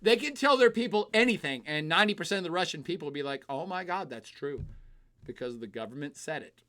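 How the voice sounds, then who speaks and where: A man's voice: on the high side, expressive, fast, a bit bright, a little hiss or hum. A man hosting a live stream, reading chat questions and answering in a blunt, opinionated, casual way, with plenty of filler sounds and the odd swear.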